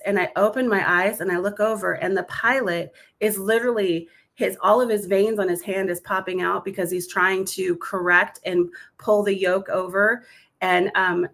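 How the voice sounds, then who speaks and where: A woman from Alaska, appearing as a podcast guest, shares a personal testimony in a quick, lively way and acts out the voices in her story. Her voice sits in the mid range.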